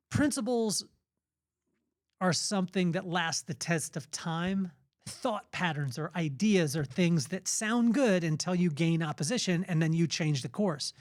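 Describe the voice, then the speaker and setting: A man's voice: high-pitched, a little mellow, no echo, studio quality. A middle-aged man hosting a podcast. He gives an earnest, emphatic motivational talk on faith in a conversational way. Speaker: podcast host.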